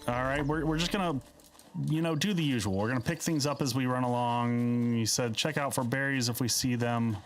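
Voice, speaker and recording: A man's voice: mid-range voice, fairly even intonation, a little fast, soft background music. A man playing a game live, chatting casually and reading the on-screen dialogue aloud in a playful way. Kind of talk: casual live-stream commentary.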